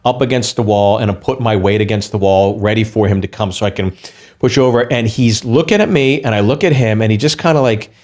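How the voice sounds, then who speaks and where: Animated male comedian telling a story. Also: lowish voice. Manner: animated storyteller with quick restarts, acting out quotes. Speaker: guest comedian. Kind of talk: storytelling in podcast chat.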